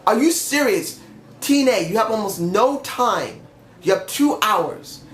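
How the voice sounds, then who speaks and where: A young man with a high, fairly bright voice and big pitch swings reviews a wrestling show alone, unhurried despite feeling sick. His opinionated rant is blunt, with some swearing, and the audio is reverberant.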